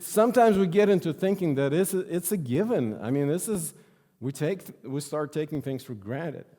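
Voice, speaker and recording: A man preaching a sermon with a slightly raised pitch, taking his time over every phrase. He repeats key lines earnestly for emphasis, and his voice rings out with the long reverb of a church hall. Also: darkish tone. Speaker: pastor. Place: church sanctuary.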